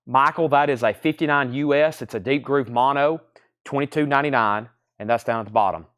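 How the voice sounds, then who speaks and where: Man, live sale host, clear resonant voice, brisk, repeats titles and prices. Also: mid-range voice, fairly bright tone. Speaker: record seller hosting a live sale. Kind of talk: live online sales stream.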